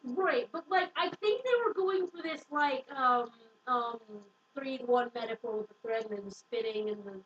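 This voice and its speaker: A woman's voice: on the high side, normal speed, few pauses, fairly bright tone, slight background noise. A young woman casually recapping a book, swearing freely, saying "like" constantly and acting out the quotes. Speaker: book reviewer. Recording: dull, echoey room from a distant mic.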